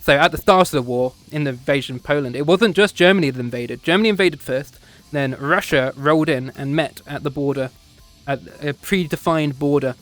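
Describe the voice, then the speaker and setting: British man, slightly high voice; loose, digressive lecturer who laughs at himself; soft music underneath. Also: a little fast. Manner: rambling, digressive, laughs often, self-correcting. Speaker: streamer teaching history. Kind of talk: casual off-the-cuff history lecture. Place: home streaming setup, VR chat session.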